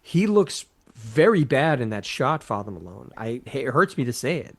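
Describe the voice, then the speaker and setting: A man chatting casually about a film trailer as a guest, hesitant and measured, often restarting his sentences. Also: medium pitch, sing-song, creaky, husky. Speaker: podcast guest. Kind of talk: casual chat.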